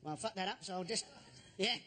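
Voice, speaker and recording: A man on a comedy panel doing a stand-up routine, with deadpan delivery and sweary asides. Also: high-pitched, brisk, heavy background noise. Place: TV studio with audience.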